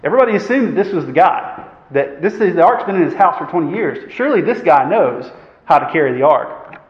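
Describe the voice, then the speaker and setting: A man preaching a sermon. He poses rhetorical questions and often clears his throat. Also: on the high side, expressive, brisk. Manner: earnest, asks the congregation rhetorical questions; frequent fillers and throat clearing. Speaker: pastor. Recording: echoey hall, dull sound.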